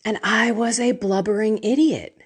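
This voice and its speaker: A woman's voice: fairly high pitch, fairly even intonation, normal speed, husky. A middle-aged woman hosting a Christian talk, candid and emotional, telling personal stories with quoted dialogue. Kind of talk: personal faith talk to listeners.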